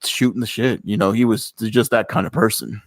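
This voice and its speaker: A man's voice: on the low side, moderate pace, no echo. Dry-sounding man telling a story. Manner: storytelling, animated when quoting others. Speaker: podcast co-host. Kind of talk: casual podcast chat.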